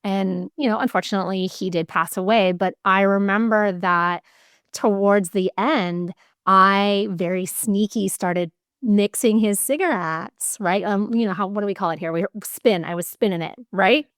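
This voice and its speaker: A woman hosting a podcast, telling a personal story in candid, animated casual chat and swearing freely. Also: mid-range voice, moderate pace, dry recording, clean studio sound. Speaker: podcast host.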